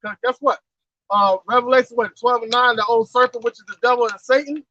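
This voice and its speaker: A man's voice: very high-pitched, fairly even intonation, brisk, sharp tone. A man in a religious discussion, speaking in a preachy, emphatic way and closing his points with "man" or "all right". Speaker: Bible study participant. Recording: dull lo-fi sound.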